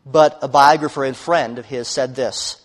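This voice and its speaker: A man preaching a sermon, telling a story earnestly and rising to loud emphasis. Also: mid-range voice, steady tone, normal speed, big-room sound.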